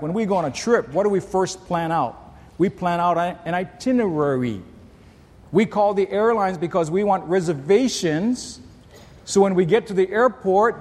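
In a large church hall whose long reverb fills the recording, a Hawaiian pastor preaches conversationally, telling stories in a voice slightly high for a man. Rhetorical questions and doubled-up words run through his easygoing delivery.

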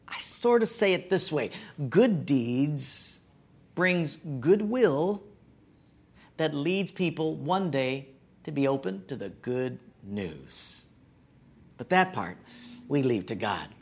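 A man's voice: medium pitch, very animated, unhurried, creaky. A middle-aged male pastor preaching a sermon, telling a personal story with folksy, self-deprecating humor.

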